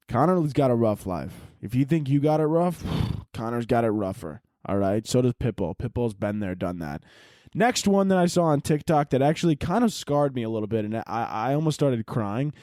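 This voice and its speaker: A man's voice: mid-range voice, no room sound, studio quality. Profane young man ranting on a podcast. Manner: profane, rambling, jokey, with laughs and sudden yells. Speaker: podcast host. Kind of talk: casual comedic rant.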